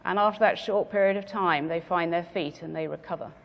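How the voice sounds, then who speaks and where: Gravelly low-voiced woman giving a talk. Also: big-room sound. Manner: measured, stresses key words. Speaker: conference speaker. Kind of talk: business presentation to an audience. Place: conference venue.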